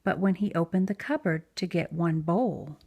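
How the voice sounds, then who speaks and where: A woman reading a picture book aloud to young children, gentle and expressive. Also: on the low side, normal speed, a little hiss or hum. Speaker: children's story reader. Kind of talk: read-aloud storytelling for preschoolers.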